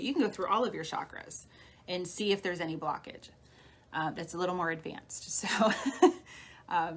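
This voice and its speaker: A woman healer giving a live-streamed talk, guiding listeners gently through steps like a coach. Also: medium pitch. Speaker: spiritual healer. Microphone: phone or webcam on a live stream.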